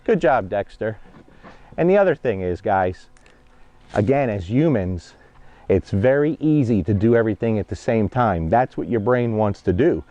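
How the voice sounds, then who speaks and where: A man's voice: fairly low pitch, animated, moderate pace, dark tone. Blunt New man coaching dog handling. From New Jersey, USA. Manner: direct, conversational, keeps checking in with "okay?" and "guys". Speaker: dog trainer. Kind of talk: instructional vlog while training a dog. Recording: dull, muffled lo-fi mic.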